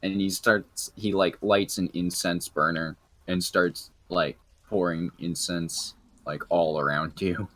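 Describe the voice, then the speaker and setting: A young man narrating as game master of a tabletop game, halting with many fillers. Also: low voice, fairly even intonation, fairly bright tone, dry recording.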